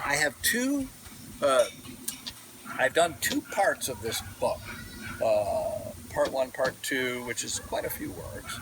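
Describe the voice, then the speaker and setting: Here a man with a mid-range voice rambles through a casual outdoor vlog, full of digressions, fillers and restarts. He records on his camera mic rather than a wireless one, and background noise comes through. Besides vlogging, he works as an audiobook narrator.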